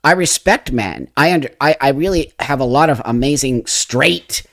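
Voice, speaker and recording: A man's voice: medium pitch, animated, normal speed, gravelly, fairly bright tone. Blunt man with a froggy voice. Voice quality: froggy, slightly helium-like voice. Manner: blunt, emphatic, frank. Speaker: livestream host. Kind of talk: casual livestream chat, answering viewer comments. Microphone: phone.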